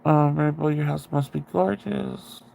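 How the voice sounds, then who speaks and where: Gravelly man chatting casually with viewers. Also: on the high side, a little slow, dark tone, a little hiss or hum. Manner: rambling, frequent restarts, laughs at himself. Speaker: livestream host. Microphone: sensitive close microphone.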